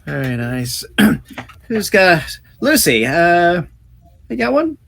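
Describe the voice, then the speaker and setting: A man hosting a fan panel over a video call, upbeat and brisk as he reads out audience questions. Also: sits high, very animated, vocal fry, a bit bright. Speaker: host.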